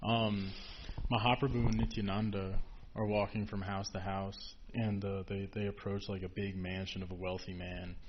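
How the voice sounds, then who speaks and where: A man's voice: fairly low pitch, level tone, normal speed. A man casually telling a story in a group discussion, chatty and full of "like" and "you know". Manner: chatty, filler-heavy with frequent "like". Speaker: forum participant. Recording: dull lo-fi with faint hiss.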